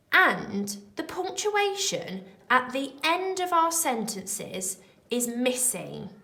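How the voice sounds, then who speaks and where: A woman primary school teacher talking young children through a remote lesson, slow, clear and encouraging. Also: mid-range voice, fairly bright tone, reverberant, rough recording.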